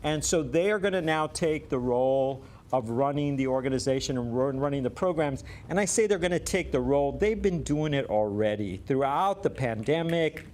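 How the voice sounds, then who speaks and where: Man giving an event speech, mid pitch, halting, slight background hiss. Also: a little mellow. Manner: halting, self-correcting. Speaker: event host.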